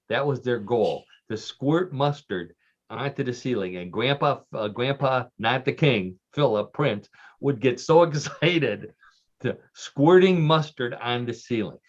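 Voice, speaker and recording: A man telling offbeat stories in casual radio chat, joking and laughing along with his own tales. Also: mid-range voice. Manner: chatty storyteller, lots of fillers and restarts, laughs at own jokes. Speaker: regular radio show guest. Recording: dull lo-fi radio sound.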